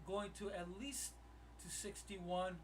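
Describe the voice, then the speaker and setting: High-pitched guy thinking out loud on his trading stream, distant mic, bit of hiss. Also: takes it slowly. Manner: thinks aloud to viewers about his trades. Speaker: day trader running a live trading room. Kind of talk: live trading stream commentary.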